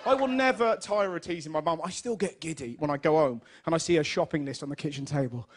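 A young man with an English accent doing a lively stand-up comedy routine on stage, telling stories and acting out his mother's lines. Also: fairly high pitch, fast, a little hiss or hum. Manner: animated storytelling, puts on his mum's voice in quotes. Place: stage in front of a live audience.

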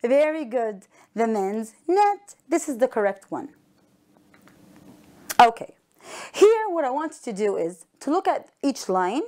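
A woman teaching an English lesson to young children on a broadcast, encouraging them and repeating each word slowly and clearly. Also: high-pitched, big pitch swings, dark tone. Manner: encouraging, slow and clearly enunciated, repeats words.

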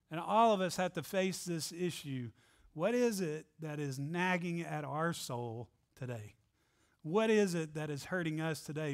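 Earnest high-voiced preaching man. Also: a bit bright. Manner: earnest, asks repeated rhetorical questions. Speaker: pastor. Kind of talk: Easter sermon. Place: church sanctuary.

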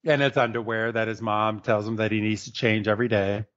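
A man's voice: lowish voice, steady tone, brisk, a bit bright. A man co-hosting a casual podcast, rambling with lots of fillers and restarts and laughing often. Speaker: podcast co-host. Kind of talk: casual chat recapping an episode. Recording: slightly dull lo-fi audio.

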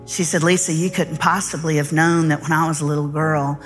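Low-voiced woman preaching. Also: brisk, faint music behind. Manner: animated, folksy storyteller. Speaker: guest speaker. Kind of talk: sermon storytelling.

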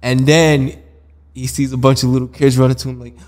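A man's voice: medium pitch, flat delivery, brisk, a little mellow. A young man co-hosting a podcast, teasing his friend in slangy banter. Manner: teasing, slangy, ends lines with "bro". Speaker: podcast co-host. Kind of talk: casual chat.

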